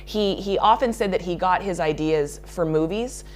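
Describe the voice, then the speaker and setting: A woman's voice: lowish voice, moderate pace, slight background noise. A woman makeup artist answering interview questions in a chatty way, laughing often and restarting her sentences.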